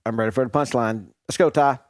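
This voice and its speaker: A man's voice: medium pitch, fairly even intonation, fast, dry recording. A man co-hosting a casual chat, dropping dry, wry quips. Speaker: podcast co-host.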